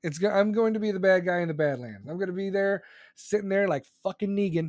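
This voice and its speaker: A man hosting a live podcast, ranting loudly and profanely, rambling with sudden jumps in pitch, close to the microphone. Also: expressive, quick pace, no echo. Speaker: podcast host. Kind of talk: live podcast venting monologue. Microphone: close studio microphone.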